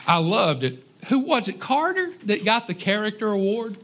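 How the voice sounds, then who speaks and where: A man's voice: sits high, very animated, normal speed, hardly any pauses, a bit bright. A man preaching a sermon in a folksy, conversational way, with joking asides to the congregation. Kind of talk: sermon on parenting.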